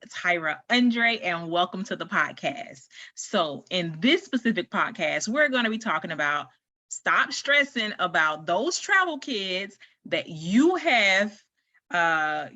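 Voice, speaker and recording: Bright-voiced chatty woman podcast host. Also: on the low side, dry recording. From United States. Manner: chatty, rambling, animated retelling with frequent fillers. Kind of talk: casual solo podcast chat.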